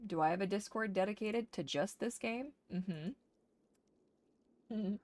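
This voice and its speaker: A woman's voice: mid-range voice, unhurried, darkish tone, no echo. A woman chatting casually while streaming a game, slipping into doting baby talk to her dog. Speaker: gaming streamer. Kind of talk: casual gameplay chat.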